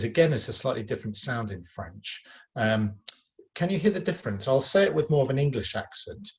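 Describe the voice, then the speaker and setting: Patient man teaching French to children. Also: lowish voice. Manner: patient, encouraging, models sounds slowly with many fillers. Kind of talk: recorded lesson for children.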